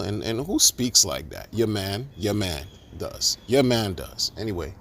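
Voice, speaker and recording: A man's voice: fairly low pitch, very animated, measured pace, hardly any pauses, a bit bright, slight background noise. A man ranting in a monologue, exasperated and sarcastic, firing off rhetorical questions and restarting his sentences. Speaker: crypto commentator.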